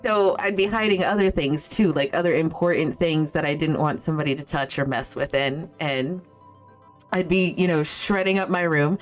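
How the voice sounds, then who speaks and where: This is a woman streaming from home, chatting loosely with her viewers through a desk mic. Her voice sits on the lower side, and she wanders from story to story with plenty of swearing. Faint music runs in the background. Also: a little fast. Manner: rambling, swears freely, chats with viewers. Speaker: game streamer. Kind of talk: casual chat while streaming.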